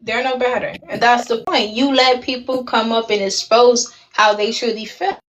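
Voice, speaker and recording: A woman's voice: fairly high pitch, fairly even intonation, normal speed, low-quality recording. A woman with a Caribbean accent, speaking bluntly and swearing casually in an online panel discussion. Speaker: panel participant.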